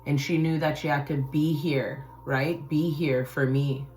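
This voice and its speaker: Low-voiced woman telling a personal story. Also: steady tone, a little slow, a little mellow, slight background noise, poor audio. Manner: emotional, emphatic, swears freely. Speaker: tarot channel host.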